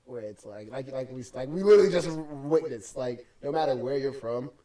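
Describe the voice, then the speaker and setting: Young dude on a podcast, mid voice, rambles and swears a lot. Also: male voice, medium pitch, fairly quick, warm tone. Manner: swearing, rambling, lots of fillers. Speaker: podcast co-host. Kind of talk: casual podcast chat.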